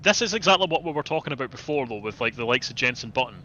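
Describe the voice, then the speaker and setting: A man's voice: medium pitch, expressive, racing, sharp tone, muffled recording, slight background noise. A man co-commentating on an online sim race, with dry, teasing humour and mock outrage.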